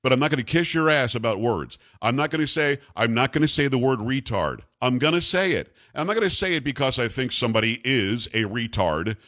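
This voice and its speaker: An older man runs a talk radio show, and his pitch swings widely as he rants. He is blunt and combative, and he jokes as he goes. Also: lively intonation, a little fast, few pauses, a bit bright. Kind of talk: opinionated talk radio rant.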